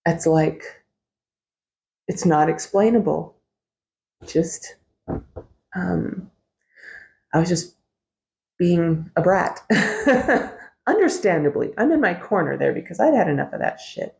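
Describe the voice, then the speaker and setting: A woman's voice: fairly low pitch, lively intonation, takes it slowly, creaky, pauses often, a little mellow. A middle-aged woman hosting a podcast, telling a personal story in a candid, wry way, swearing freely and laughing often. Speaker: podcast host.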